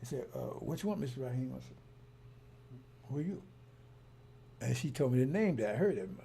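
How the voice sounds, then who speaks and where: A man's voice: mid-range voice, expressive, a little fast, gravelly, mellow, slight background noise. A man telling a story and ranting in a heated, rambling way, repeating himself often. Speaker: broadcaster. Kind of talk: casual monologue.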